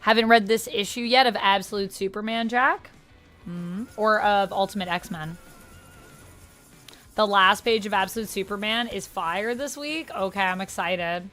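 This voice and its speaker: Woman streamer, casual chatty host reading chat, soft music behind. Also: medium pitch, unhurried. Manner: chatty, reads and answers chat aloud. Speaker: livestream host. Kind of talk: casual just-chatting livestream.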